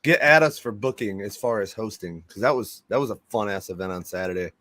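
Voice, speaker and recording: A man's voice: fairly low pitch, a little fast, pushed and bright, no echo. A man hosting a casual morning show, chatting loosely and laughing often as he recaps sports scores. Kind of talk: casual chat.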